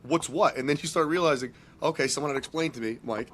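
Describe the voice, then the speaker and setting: A man's voice: medium pitch, fast talker, fairly bright tone, a little hiss or hum. A man co-hosting a podcast, a chatty, self-deprecating hockey dad who acts out his own conversations.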